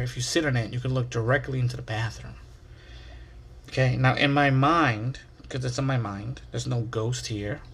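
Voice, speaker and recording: A man's voice: mid-range voice, fairly bright tone. A young man hosting a casual solo podcast, rambling through a story in a self-mocking way and swearing freely. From New York area. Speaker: podcast host.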